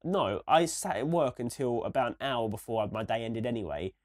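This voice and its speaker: A young man talks through a casual podcast rant, circling back and restarting his sentences. His voice is a little hoarse from a cold, and its pitch sits in the middle. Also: lively intonation, moderate pace. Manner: rambling, ranting, many restarts. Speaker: podcast co-host.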